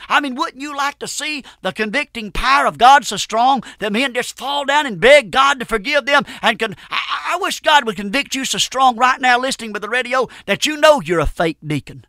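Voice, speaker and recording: High, sharp-voiced fervent preacher man. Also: dry recording, studio quality. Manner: emphatic, rising to loud bursts, repeats words on restarts. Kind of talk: fervent radio sermon.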